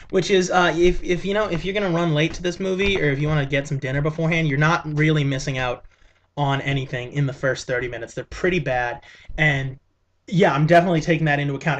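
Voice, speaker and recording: A man's voice: a little high, fairly bright tone, a little hiss or hum. A man reviewing a movie in a casual vlog, rambling and enthusiastic, with many fillers and restarts.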